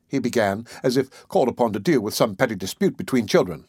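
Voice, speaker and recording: Brief: expressive male narrator, husky tone, dry close recording. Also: medium pitch, brisk, hardly any pauses, no room sound. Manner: expressive, varied reading. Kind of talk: audiobook narration.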